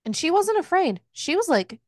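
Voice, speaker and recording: A woman's voice: very high-pitched, big pitch swings, moderate pace, no echo, clean studio sound. A woman hosting a book club podcast, casually retelling a story with swearing and jokes. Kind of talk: casual book recap chat.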